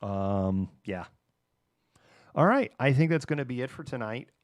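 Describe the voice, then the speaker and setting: A man's voice: medium pitch, expressive, a little slow, no room sound, clean studio sound. A man hosting his own live show, chatting casually and rambling through a story with frequent laughter. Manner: rambling, laughs often, acts out voices in anecdotes. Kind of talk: casual livestream chat.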